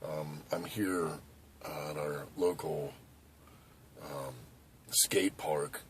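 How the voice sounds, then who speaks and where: A man in his forties from Southern California, chatting casually and rambling to camera as a vlogger, hyperactive and animated, outdoors at a skate park. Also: rumbling low, very slow, slight background noise. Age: 40s. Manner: hyperactive, animated, loose and conversational with many asides.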